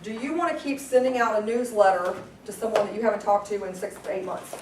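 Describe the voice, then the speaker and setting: A woman leading a live sales training class, energetic and constantly quizzing her audience. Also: mid-range voice, quick pace, noisy background. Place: meeting room with a group. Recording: echoey room, distant mic.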